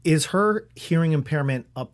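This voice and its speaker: A man co-hosting a casual podcast, asking hesitant, halting questions. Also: a little high, lively intonation. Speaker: podcast co-host. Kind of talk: casual chat.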